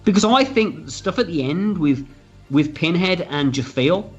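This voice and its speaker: A man, a film writer and director, tells behind-the-scenes stories in an interview. He talks in a lively, candid way, acts out quoted dialogue and swears freely. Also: fairly high pitch, moderate pace, slightly rough. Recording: slightly dull lo-fi audio with faint music.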